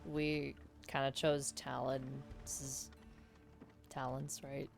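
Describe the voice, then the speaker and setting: A woman playing in a tabletop game, chatting in a hesitant, halting way. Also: a bass voice, little pitch movement, gravelly, soft background music. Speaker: player. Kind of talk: casual chat at a tabletop game.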